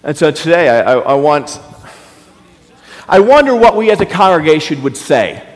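Impassioned preacher in an echoing hall. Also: male voice, on the high side, sing-song, moderate pace. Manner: impassioned, repeats rhetorical questions. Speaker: pastor. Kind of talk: sermon. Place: church hall. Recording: reverberant hall.

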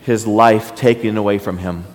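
A man's voice: fairly low pitch, steady tone, moderate pace, darkish tone. A man preaching an impassioned sermon to his congregation, repeating rhetorical questions. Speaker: pastor. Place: church hall. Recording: reverberant hall.

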